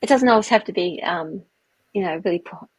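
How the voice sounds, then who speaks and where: A woman co-hosting a podcast in casual chat, reflective and quick to agree. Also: fairly low pitch, slightly rough, no echo, rough recording. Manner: reflective, agrees often with "yeah". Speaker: podcast co-host.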